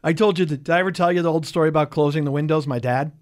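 A man's voice: on the high side, very fast. A man co-hosting a sports radio show in casual, self-mocking banter. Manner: joking, self-mocking, animated.

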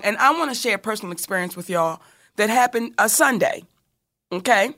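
In casual chat, a woman recounts a personal story with animation, swearing freely as she acts out what people said. Her voice is mid-range and fairly quick.

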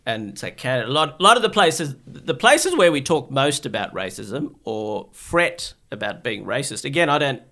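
Thoughtful middle-aged man, lively pitch. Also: normal speed, hardly any pauses. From Bangladesh. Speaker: guest psychiatrist. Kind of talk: casual chat.

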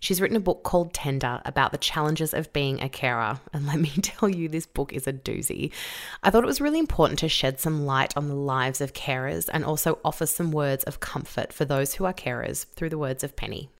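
A woman's voice: deep voice, lively intonation, brisk. A woman hosting a podcast, introducing her guest and chatting in an upbeat way. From Australia. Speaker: podcast host. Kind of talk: podcast interview.

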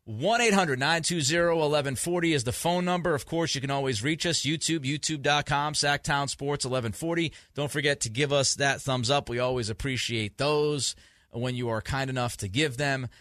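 A man hosts a sports talk radio show in a mid-range voice, moderate pace and fairly bright tone, recorded clean in a studio with no echo. Grumpy from too little sleep, he speaks emphatically and keeps restarting his sentences, repeating himself as he goes.

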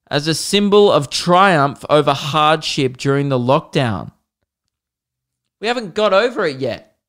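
Aussie male podcast host, rambling and sweary, with a fairly high, smooth voice. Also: a bit bright. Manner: rambling and sweary, self-deprecating. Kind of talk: solo comedy podcast rant.

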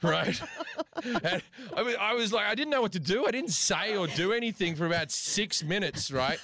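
An Australian man hosting a podcast, telling a story in a lively, laughing way with a lot of restarts. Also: high-pitched, moderate pace. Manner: animated, laughing, repeats words. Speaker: podcast host. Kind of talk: casual storytelling.

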